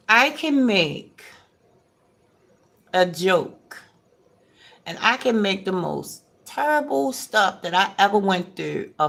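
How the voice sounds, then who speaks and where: A woman vlogger, chatting during a mukbang with a playful, animated delivery and sudden high rises. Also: gravelly. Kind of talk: mukbang chat.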